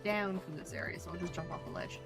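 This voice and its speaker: A woman's voice: on the low side, quick pace, vocal fry, over loud music. A woman with an Irish accent casually commenting on her gameplay as a streamer, swearing freely and poking fun at herself. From Ireland. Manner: swears freely, self-mocking.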